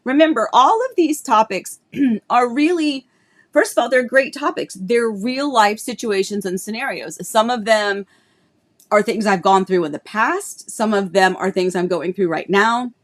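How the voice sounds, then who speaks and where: Middle-aged woman realtor, live-stream host; bubbly, chatty, warm greetings, slight throat tickle. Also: fairly high pitch, unhurried. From Florida, United States. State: tickle in her throat, coughing. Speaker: real estate agent hosting a live stream. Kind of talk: casual live-stream chat.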